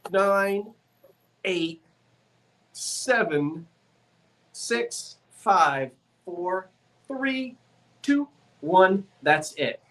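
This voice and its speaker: A woman's voice: mid-range voice, animated, extremely slow, pauses often, fairly bright tone. A woman with a South Jersey accent hosting a live-stream antiques auction, chatty and folksy, laughing easily as she talks up each item.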